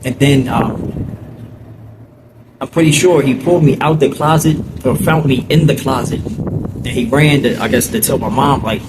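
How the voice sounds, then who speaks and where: With vehicles roaring loudly behind him, a mid-range-voiced man from New Jersey tells a childhood story. His casual, halting telling is peppered with fillers and "you know what I'm saying."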